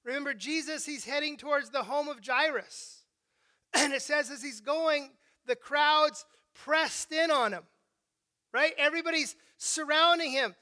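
An emphatic preacher delivers a sermon, frequently asking "right?" and starting phrases over. The voice is high and bright. The delivery swings between hushed and raised passages. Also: a little slow. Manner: emphatic, with frequent rhetorical "right?" checks and repeated restarts.

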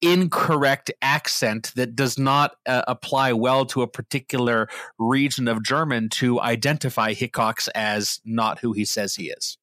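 A man's voice: medium pitch, fairly even intonation, a little slow, hardly any pauses, sharp tone, no room sound, studio quality. A man from Pittsburgh co-hosting a podcast, chatting about a movie in a slightly professorial way. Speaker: podcast co-host. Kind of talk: casual movie discussion.

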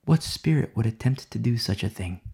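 A man preaching a sermon with fervent, dramatic delivery that swings from loud declarations to hushed whispers. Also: lowish voice, lively intonation, a little fast, creaky, slightly rough.

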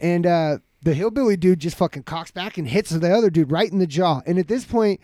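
A man in his thirties telling a story in casual chat, animated and heavy with profanity. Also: sits high, a little fast, no echo.

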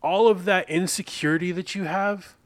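A man's voice: sits high, fairly even intonation, normal speed, no room sound. A man in his thirties co-hosting a podcast, rambling and swearing in casual chat, laughing often. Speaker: podcast co-host.

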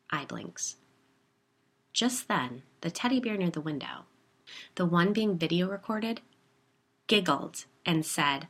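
A woman narrating a first-person story in a calm, measured way. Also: lowish voice, vocal fry, breathy edge.

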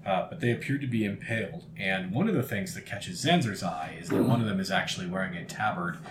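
A man's voice: sits low, quick pace. A man running a tabletop game as game master, narrating scenes in vivid detail with frequent fillers. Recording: roomy recording with steady background noise.

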